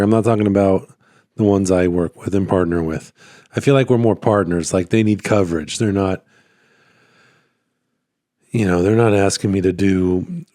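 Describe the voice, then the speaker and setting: A man vlogging about his small business in a rambling, relaxed way, his voice a little worn. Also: sits low, no echo, studio quality. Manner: rambling, relaxed, lots of fillers and restarts. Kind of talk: casual talking-head vlog. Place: at home by his computer. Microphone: phone.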